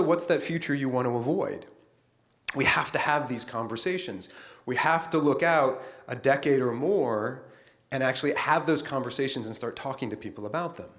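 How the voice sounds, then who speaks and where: Animated man giving a keynote. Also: medium pitch. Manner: lively, playful, talks straight to the audience. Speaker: keynote speaker, futurist. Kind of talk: conference keynote speech.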